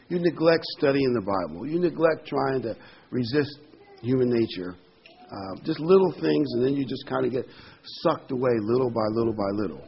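An older man preaching a sermon, reading Bible verses slowly and with emphasis between plain explanations. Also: mid-range voice, husky. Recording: dull lo-fi with faint noise.

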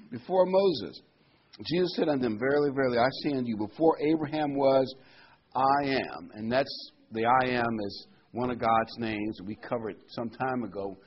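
A man's voice: medium pitch, moderate pace, highs cut off. A man delivering a sermon, reading Bible verses aloud and then explaining them in plain everyday words. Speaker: preacher.

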